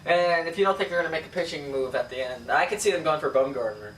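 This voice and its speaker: A man's voice: fairly high pitch, fast talker, fairly bright tone. A man co-hosting a sports podcast, bantering in a laid-back, slangy, casual way. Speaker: podcast co-host. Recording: echoey room from far off, faint noise.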